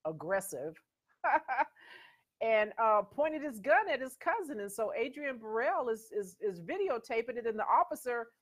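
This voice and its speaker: A woman's voice: on the high side, big pitch swings, measured pace. A middle-aged woman hosting her own show, talking casually and emphatically as she tells stories. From USA. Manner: conversational and emphatic, storytelling with quoted voices. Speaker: host. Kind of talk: casual commentary.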